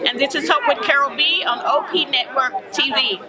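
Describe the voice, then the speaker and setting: Upbeat woman host amid a loud crowd. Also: sits high, moderate pace. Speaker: talk show host. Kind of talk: upbeat on-location introduction. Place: outdoors at a crowded event.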